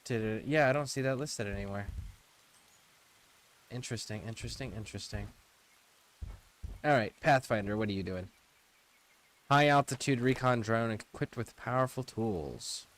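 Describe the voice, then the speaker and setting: A man's voice: mid-range voice, normal speed, pauses often. A man streaming a video game, reading menus aloud and chatting loosely with casual profanity. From United States. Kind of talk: casual gameplay commentary.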